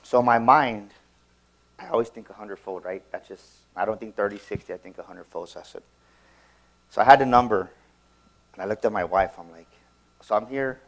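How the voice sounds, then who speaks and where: A man's voice: on the low side, brisk, pauses often. A man giving a motivational seminar talk, telling a personal story with emphatic delivery and frequent repeated words and restarts. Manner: emphatic, acts out quoted dialogue. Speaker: motivational speaker.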